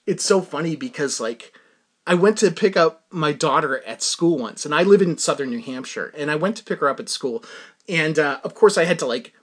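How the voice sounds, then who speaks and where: A man hosting a casual music reaction, excitable and laughing often as he tells stories. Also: fairly high pitch, normal speed, breathy edge.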